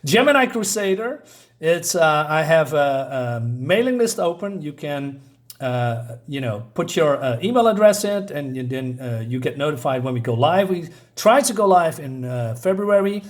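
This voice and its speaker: A man's voice: fairly high pitch, very animated, moderate pace. A man giving a casual comic book review, rambling with many fillers and self-corrections and reading the dialogue aloud in a mostly plain voice.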